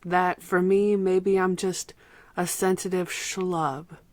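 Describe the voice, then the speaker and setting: Woman, emotional and near tears, heartfelt, drifts into whispers, slow, dry close sound. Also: fairly low pitch, level tone, a little mellow, no room sound. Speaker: album reviewer. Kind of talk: emotional personal vlog talk.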